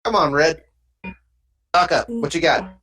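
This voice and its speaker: Game master doing a pushy alien mobster thug, street slang, raised pitch, very lively swings. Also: a little slow, slight background noise.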